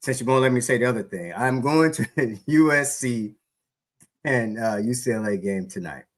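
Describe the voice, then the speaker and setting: A man's voice: medium pitch, moderate pace. A man calling in to a sports show, chatty and joking in casual slang. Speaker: caller. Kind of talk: casual call-in chat.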